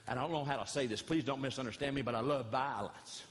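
A man spins a comic story in a big, echoing church hall, talking at a middling pitch. He is animated and folksy, circling back over his phrases. A faint hum sits underneath his voice. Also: quick pace. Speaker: comedian and pastor. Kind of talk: stand-up comedy storytelling. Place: large church hall before an audience. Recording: reverberant hall, live audience.

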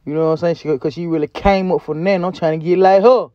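Man vlogger, high voice, slangy cursing rant, lo-fi dry audio. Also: fairly even intonation, fast, dry recording. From Southern United States. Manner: loose, profane, rambling street slang. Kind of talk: casual food review vlog. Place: outdoors by a back door.

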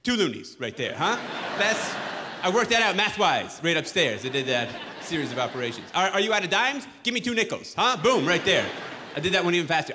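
A man's voice: high-pitched, sing-song, fairly quick, long reverb tail, noisy background. A man doing a stand-up comedy set on a club stage, ranting with exasperated sarcasm.

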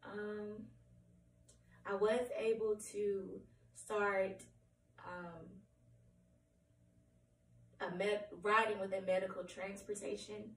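A woman with a hoarse, cracking voice giving a candid personal update at home, rambling and apologetic with many ums. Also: medium pitch, level tone, slow pace, pauses often, a little hiss or hum. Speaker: vlogger. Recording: roomy, distant from the mic, faint room ambience.

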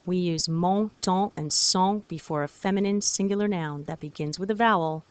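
A woman French teacher giving a recorded video lesson, patient and encouraging, repeating words slowly for her students. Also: fairly low pitch, smooth, no room sound.

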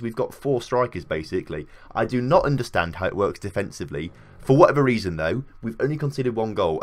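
A young man with an excitable, chatty, self-mocking manner, giving casual commentary on a football management game as the channel's host. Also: lowish voice. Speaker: game streamer.

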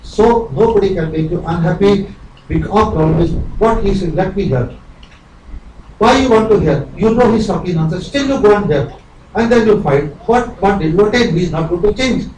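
A man's voice: sits high, brisk, darkish tone. A man giving a devotional sermon, earnest and rhetorical, acting out imagined dialogues. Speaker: spiritual teacher. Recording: roomy live recording from far off, faint ambience.

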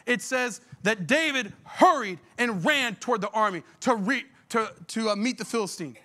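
High, bright-voiced fiery preacher man. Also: moderate pace. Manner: fiery, emphatic preaching with rhetorical questions; blunt, folksy talk. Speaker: pastor. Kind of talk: sermon.

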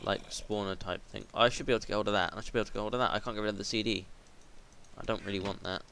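A man's voice: lowish voice, fairly even intonation, very fast, vocal fry, a bit bright, a little hiss or hum. A teenage boy commentating his own gameplay. He swears freely, rambles, and yelps when something startles him. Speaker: gaming video host. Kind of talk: let's play commentary.

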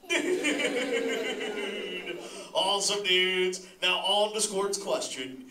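Playing a mellow surfer-dude sea turtle father, this man speaks in a fairly high, unhurried voice, dropping "dude" constantly and laughing often as he addresses a live crowd, which can be heard behind him. His mood is stoked and easygoing, his delivery lively, and he's picked up from afar in a reverberant hall.

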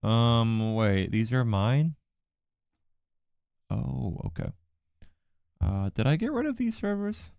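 A man streaming a game live, talking in casual banter, mostly drowsy and mumbling but breaking into loud excited outbursts, teasing his co-host. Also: mid-range voice, slow, vocal fry, pauses often, clear, resonant tone, no room sound, studio quality. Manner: playful teasing.

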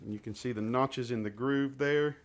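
A man's voice: medium pitch, moderate pace. A man reviewing gear in a casual hands-on demonstration, chatting and thinking aloud as he handles each part.

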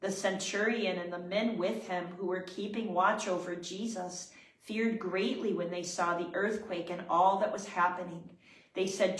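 A woman leading prayer, reading scripture aloud in a measured, reverent way. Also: medium pitch. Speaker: prayer leader. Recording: roomy, distant from the mic.

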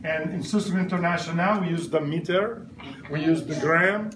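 A man's voice: fairly high pitch, normal speed, roomy sound, recorded from a distance, background noise. A middle-aged man teaching a science lesson in a classroom, quizzing the class in playful call-and-response. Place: elementary school classroom.

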